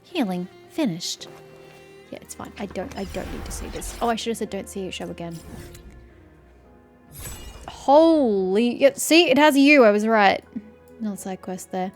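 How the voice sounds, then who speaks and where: A woman's voice: medium pitch, animated, a little slow, long pauses. A woman doing let's-play commentary, sarcastic and sweary, ranting about the game. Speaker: gaming streamer. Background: faint game music.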